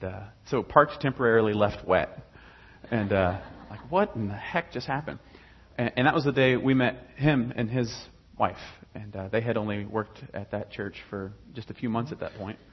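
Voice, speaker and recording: A husky young man with a lowish voice talks casually through his own faith story. He rambles, restarts and fills pauses with ums. The recording sounds dull and lo-fi. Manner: rambling, many fillers and restarts. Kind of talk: casual personal testimony.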